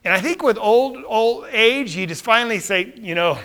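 A man's voice: high voice, expressive, normal speed, few pauses, fairly bright tone. A man teaching a Bible study in a conversational way, often checking in with listeners.

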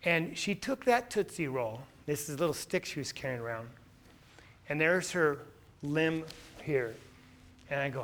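A man, a missionary speaker, tells stories from his trips over photos with earnest feeling that turns lively. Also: a little high, a little slow. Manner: earnest, turning lively and laughing in anecdotes. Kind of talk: storytelling slide presentation.

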